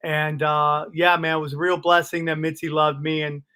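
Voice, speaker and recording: A male comedian telling stand-up stories in a casual interview, animated and profane, laughing at his own stories. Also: a little high, moderate pace, smooth. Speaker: comedian guest.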